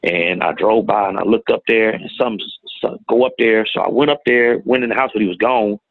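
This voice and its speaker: A middle-aged man telling a painful personal story in a plain-spoken, halting way, recorded with tinny phone-like sound. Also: lowish voice, fairly even intonation, dry recording. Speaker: guest telling his story. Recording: tinny phone-like audio, dry.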